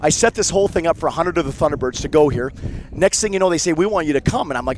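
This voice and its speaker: A Canadian man talks in a rapid, tumbling rush, and his voice sits a little high for a man. He spins a yarn in casual chat and slips into the voices of the people he quotes. A faint murmur of crowd hangs behind him. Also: a little hiss or hum. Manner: rapid animated storyteller acting out quotes. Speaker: guest, former hockey player. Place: suite at a golf tournament.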